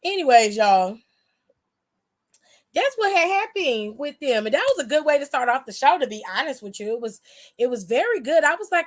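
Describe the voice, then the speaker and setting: A woman's voice: sits high, sing-song, normal speed. A woman casually recapping wrestling for her viewers, sassy, profane and chatty.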